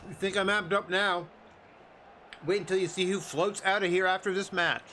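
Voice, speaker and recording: A man's voice: sits high, fairly even intonation, moderate pace, pushed and bright, slight background noise, pitched above the performer's own voice. A man putting on the voice of a laid-back, cocky male wrestler firing smug comebacks.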